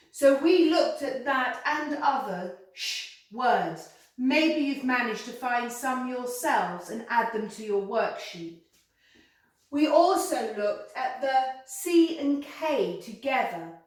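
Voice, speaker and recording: A woman teaching children a slow English phonics lesson, sounding out letters clearly and encouraging them to repeat. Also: a little high. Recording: very echoey room, voice from a distance.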